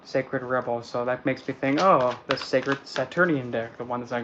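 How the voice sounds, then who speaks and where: A man's voice: mid-range voice, moderate pace, fairly bright tone, muffled recording, a little hiss or hum. A man chatting casually and playfully about tarot decks, rambling as he goes. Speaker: tarot deck reviewer. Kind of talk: casual chat.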